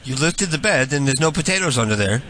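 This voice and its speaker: Man, prank call host, playful asides, mid pitch, faint background hiss. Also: animated, fast. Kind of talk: prank call show banter.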